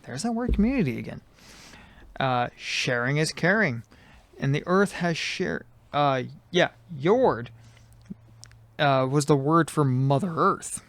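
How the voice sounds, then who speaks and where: Male podcast co-host, smooth resonant voice, dry sound, easygoing and jokey. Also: fairly high pitch, expressive, unhurried, fairly bright tone, dry recording. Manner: loose, jokey, trailing off with ums. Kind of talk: casual chat.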